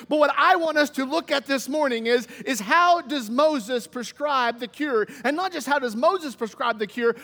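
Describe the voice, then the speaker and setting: A man preaching a sermon, moving from loud exclamations to quiet asides and folksy stories. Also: very high voice. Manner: folksy, humorous anecdotes. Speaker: pastor. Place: church sanctuary. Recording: long church reverb.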